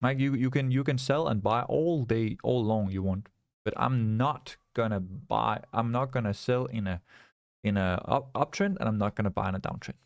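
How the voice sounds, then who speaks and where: Animated man hosting a live trading stream. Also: mid-range voice, moderate pace, vocal fry, no echo. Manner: animated, coaxing, repeats rhetorical questions to viewers. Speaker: livestream trading host. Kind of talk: live trading commentary, chatting with viewers.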